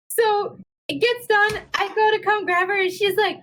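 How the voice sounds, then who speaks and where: High-voiced young woman telling a story. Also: normal speed, pauses often, slight background noise. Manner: animated, laughing, acts out quotes. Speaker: podcast co-host. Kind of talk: casual storytelling.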